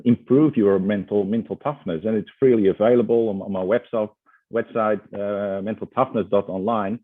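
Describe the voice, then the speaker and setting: A man's voice: lowish voice, no room sound. A man with a Dutch accent, a guest author chatting hesitantly in an interview with many fillers and restarts. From Netherlands. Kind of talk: casual interview chat. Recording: tinny phone-like line.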